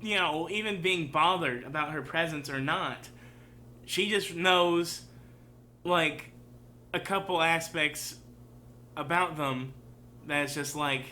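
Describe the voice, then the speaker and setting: Bright-voiced man rambling through a reaction. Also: on the high side, slow pace, pauses often, slight background noise. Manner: rambling, many fillers. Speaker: show host. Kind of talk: casual reaction commentary.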